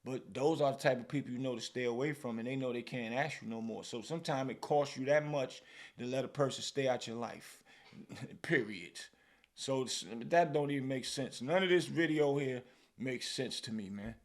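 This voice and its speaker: This podcast host is a man with a New York accent and a medium-pitched voice, speaking at a moderate pace. His commentary is casual and animated, and he often ends lines with "man" or "bro."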